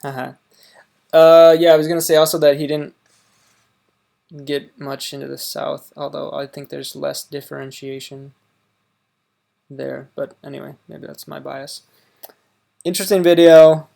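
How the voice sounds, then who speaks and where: Creaky-voiced man with a Wisconsin accent. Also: fairly high pitch, flat delivery, mellow. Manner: halting, with many fillers and restarts. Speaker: host reacting to a video. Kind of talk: casual reaction commentary.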